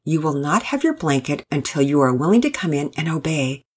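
Lady doing a patient mom who won't back down, husky low voice, storybook reading. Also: sing-song, a little fast, full character voice. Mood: patient firm. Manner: patient, coaxing, firm. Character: patient but unbending mother.

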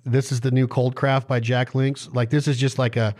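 A man's voice: medium pitch, level tone, moderate pace, a little mellow. A man hosting a podcast in casual chat, playful and jokey, fond of wordplay. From western US. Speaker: podcast host.

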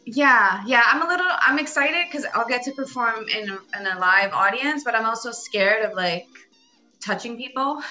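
A female comedian guest talks in a bright, slightly high voice. She speaks haltingly, pausing and restarting as if a little unsure. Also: expressive, dull audio, soft background music. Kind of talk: casual chat.

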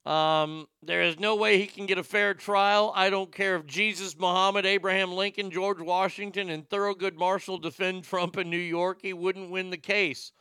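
A man's voice: sits high, steady tone, normal speed, hardly any pauses, sharp tone, clear, resonant tone, no echo. An older man giving heated, profane and sarcastic political commentary.

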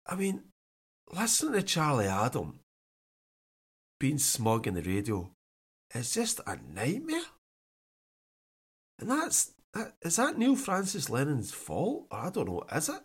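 A man's voice: medium pitch, wildly swooping pitch, a little slow, long pauses, slightly rough. A man co-hosting a podcast, joking and ranting in casual chat with lots of laughter. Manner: jokey, ranting, laughs a lot. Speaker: podcast co-host.

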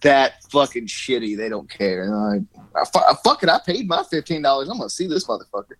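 A man's voice: medium pitch, very animated, brisk, dry recording. A man co-hosting a podcast, telling rambling stories in casual chat and swearing a lot. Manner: profane, rambling storyteller. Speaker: podcast co-host.

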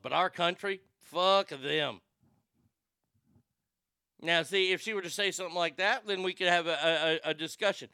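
A man's voice: sits high, bright, forceful tone, clear, resonant tone, no echo, clean studio sound. A man hosting a casual live-stream show, ranting profanely and reading chat comments aloud. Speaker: talk show host.

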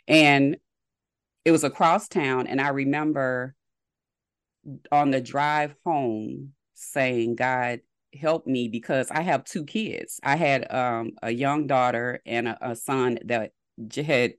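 A woman's voice: rumbling low, moderate pace, no echo. Woman telling her story, dry close sound. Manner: lively retelling with quoted dialogue. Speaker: podcast guest. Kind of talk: personal storytelling in interview.

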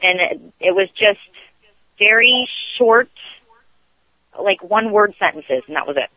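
High-voiced man on a tinny phone line. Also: animated, a little slow, no echo. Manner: rambling, restarts often. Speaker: guest on a radio show. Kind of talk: casual storytelling on a call-in.

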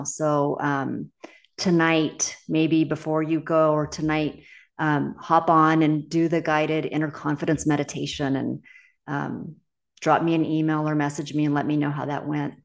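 A middle-aged woman coach and podcast host, talking casually, candid and emphatic, swearing freely. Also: low-pitched. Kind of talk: casual solo podcast talk.

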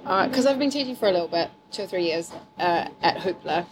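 A woman's voice: lowish voice, expressive, quick pace, background noise. An Englishwoman who teaches improv, chatting casually with fillers and frequent laughs. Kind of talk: casual chat.

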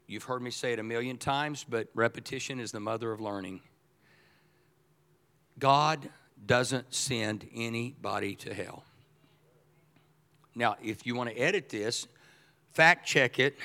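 Animated older male pastor preaching. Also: mid-range voice. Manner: animated, shifts from quiet to shouting; repeats words when starting sentences. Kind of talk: sermon.

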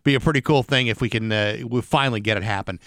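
A man's voice: lowish voice, quick pace, a bit bright, dry recording. Chatty radio host man, dry studio sound. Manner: rambling, chatty, restarts a lot. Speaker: radio morning show host. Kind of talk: casual radio chat.

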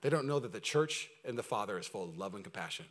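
A man preaching a sermon to his church, talking in an energetic, conversational way with humor, swinging between loud emphasis and quiet intensity. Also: on the low side, fast talker. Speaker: pastor. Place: church service before a congregation.

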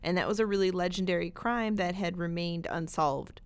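A woman's voice: lowish voice, normal speed, clean tone. A woman co-hosting a library podcast, recommending books in an enthusiastic, chatty way with many fillers. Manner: enthusiastic, chatty, laughs easily. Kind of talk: casual podcast chat.

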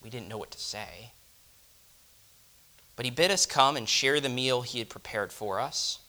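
A man delivering a first-person dramatic monologue, reflective and often dropping to a hush. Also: mid-range voice, normal speed. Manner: reflective, dropping to hushed tones. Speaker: storyteller.

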